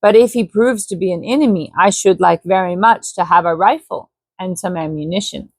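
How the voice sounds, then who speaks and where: A careful, formal village chief speaks in a raised, deferential tone with a put-on Indian accent, as a woman reading a storybook puts him on. The voice sits higher than her usual reading and the room sounds dry. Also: normal speed, no room sound. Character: native village chief, adult man, cautious and eager.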